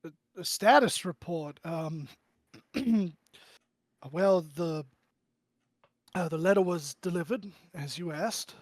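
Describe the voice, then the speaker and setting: A man's voice: sits high, takes it slowly, pauses often, no room sound. A man voicing a formal church bishop who stammers and dodges questions in a tabletop game. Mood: flustered. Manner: stammering, politely evasive.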